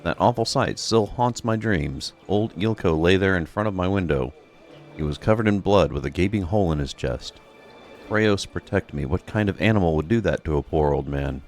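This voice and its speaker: A man's voice: low voice, expressive, normal speed, a little mellow, soft background music. A man reading out a game's dialogue while voicing a chatty, dramatic townswoman who witnessed a crime. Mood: mournful. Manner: chatty, dramatic, pious exclamations. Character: gossipy upset townswoman, a witness. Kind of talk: reading game dialogue aloud.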